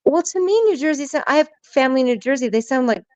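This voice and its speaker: A woman chatting casually on a live stream, curious and quick to laugh, over a video call. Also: high-pitched, lively intonation, a little mellow, no echo. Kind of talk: casual group chat.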